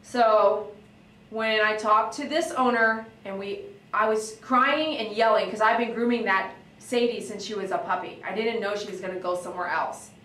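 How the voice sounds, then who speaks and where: A woman dog groomer chatting on a livestream, reading viewer comments and telling stories in an animated, excitable way that breaks into shouts. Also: medium pitch, moderate pace, far from the mic, slight background noise. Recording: echoey room, voice away from the mic.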